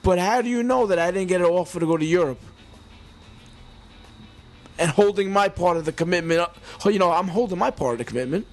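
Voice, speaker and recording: A man in his forties rants through his own podcast, swearing freely and restarting his sentences as he gets worked up. His voice sits on the high side for a man. He talks close into a home mic. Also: animated, a little fast, long pauses, soft background music. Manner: rambling, heated, heavy swearing and restarts. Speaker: podcast host. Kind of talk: casual profane monologue. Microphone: mic with homemade pop filter.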